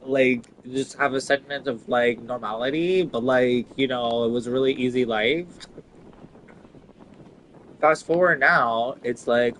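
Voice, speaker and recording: A man of middle pitch rambles through a profane, casual rant while he plays a video game. His talk is loose and full of filler words, with a faint hiss of noise behind him. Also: a little slow, fairly bright tone, rough recording. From Italian. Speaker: gaming streamer. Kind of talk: casual ranting while gaming.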